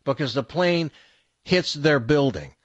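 Husky radio host telling a joke. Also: male voice, lively intonation, unhurried, no echo, muffled recording. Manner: storytelling, drops low and quiet for punchlines. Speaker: radio morning show host.

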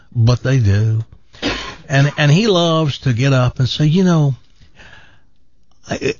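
A man's voice: medium pitch, a little mellow, no room sound. Chatty guy hosting a talk show, rambly, lots of restarts, muffled dry mic. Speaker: host. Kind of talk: casual talk show monologue.

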